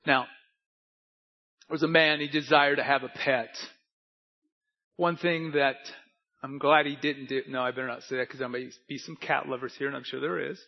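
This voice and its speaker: A man's voice: mid-range voice, fairly even intonation, normal speed, gravelly, long pauses, lo-fi sound. A man preaching a sermon as pastor, telling stories with folksy asides to the congregation.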